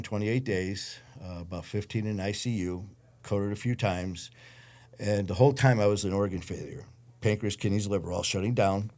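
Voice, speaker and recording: A man's voice: lowish voice, a little mellow. A man, a guest telling his story in a blunt, profane way and acting out the voices of others. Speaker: interview guest. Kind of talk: storytelling in a casual interview.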